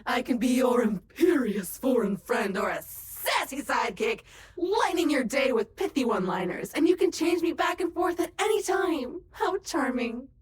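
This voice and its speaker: A woman's voice: sits high, animated, normal speed. A woman voicing a chatty, mildly sardonic female AI assistant in a video game. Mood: playful.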